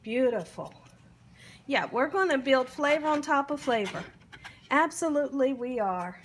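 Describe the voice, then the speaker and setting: A high-pitched, animated woman hosts a cooking show from her home kitchen at a measured pace, with slight background noise. Chatty and encouraging, she often checks in with her viewers, asking "you hear me?"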